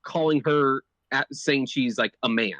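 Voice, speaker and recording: A man's voice: mid-range voice, a little slow, a bit bright, no room sound, lo-fi sound. A man co-hosting a sports podcast, building his argument point by point with a loose, casual delivery. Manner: argumentative, laying out points with many "like" fillers. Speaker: podcast co-host.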